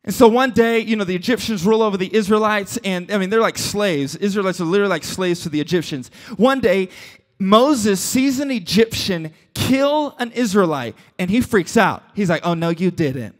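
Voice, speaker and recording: A man preaching a casual, joking sermon as a pastor, retelling a story with quick asides and playful voices for its characters. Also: high voice.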